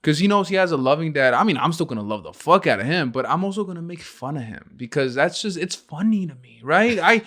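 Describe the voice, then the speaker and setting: A man's voice: fairly high pitch, lively intonation, quick pace, few pauses, fairly bright tone. A young man co-hosting a casual podcast, talking brashly and profanely, laughing and acting out little scenes. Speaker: podcast co-host.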